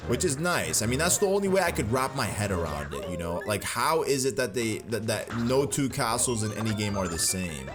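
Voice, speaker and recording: A man's voice: fairly low pitch, very animated, fairly quick, few pauses. A man giving casual, slangy, rambling commentary while playing a video game. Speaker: gaming video host. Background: video game music.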